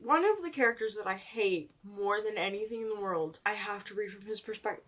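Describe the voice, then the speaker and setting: A woman's voice: mid-range voice, moderate pace, a bit bright, slight background noise, poor audio. A woman in her twenties casually vlogging about books, exasperated, swearing freely and laughing through her rants. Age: 20s. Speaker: book vlogger. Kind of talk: casual vlog commentary.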